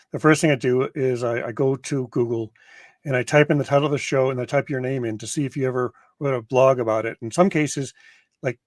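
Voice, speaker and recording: A man's voice: medium pitch, dry recording. Matter-of-fact man in a dry room. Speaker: producer and director. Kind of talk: casual podcast chat.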